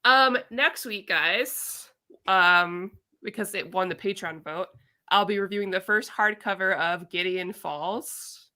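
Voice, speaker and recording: A young woman hosting a casual podcast chat, talkative and quick to laugh. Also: medium pitch, bright, forceful tone. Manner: chatty, laughs easily. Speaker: podcast host.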